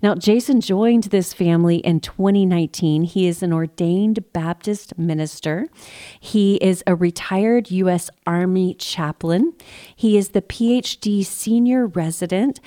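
A woman's voice: on the low side, unhurried, mellow, dry recording, studio quality. A woman, hosting a parenting show and telling stories in a chatty, encouraging way. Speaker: podcast host. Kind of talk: conversational show intro.

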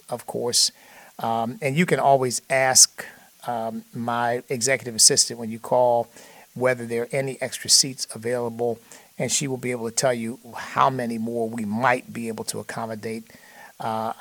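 A man's voice: medium pitch, vocal fry, a bit bright, dry recording. A middle-aged man hosting a political talk radio show, delivering an emphatic, preacherly monologue into a studio microphone. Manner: preacherly, emphatic, scripture-quoting.

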